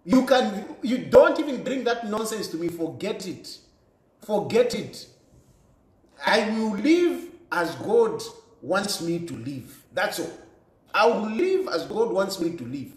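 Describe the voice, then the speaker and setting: A man's voice: sits high, very animated, takes it slowly, roomy sound. A man hosting a call-in show, angrily ranting at a caller, repeating himself, defiant, laughing in between. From Zambia. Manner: angry, repetitive, defiant, laughs between lines. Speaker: show host. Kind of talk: heated call-in show rant.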